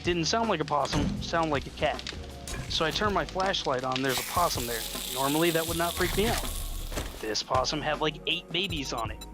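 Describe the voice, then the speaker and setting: Lively man telling a quick anecdote. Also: fairly high pitch, music in the background. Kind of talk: casual storytelling chat.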